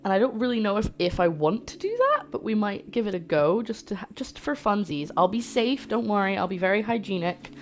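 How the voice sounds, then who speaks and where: A woman's voice: medium pitch, very animated, a little fast, few pauses, soft background music. A woman hosting a casual cooking livestream from her home kitchen, rambling cheerfully and answering her chat aloud. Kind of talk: casual live-stream chat while cooking.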